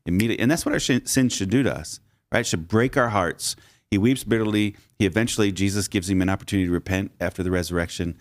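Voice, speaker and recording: A man's voice: on the low side, fast talker, no echo. A man co-hosting a podcast, discussing a Bible story and drawing lessons from it in a teacherly way. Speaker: podcast co-host.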